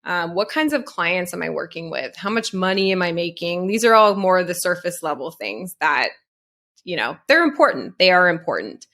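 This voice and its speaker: A woman's voice: lowish voice, sing-song, moderate pace, a bit bright. A woman guest on a podcast, talking earnestly and reflectively, asking herself questions aloud. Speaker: podcast guest, Pilates business coach. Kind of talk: casual conversation.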